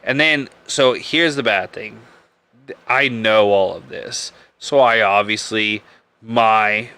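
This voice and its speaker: The host of a live beer podcast, a Nebraskan, has a lowish, smooth voice that comes across bright and forceful. He rambles through casual chat, makes crude jokes, and laughs often.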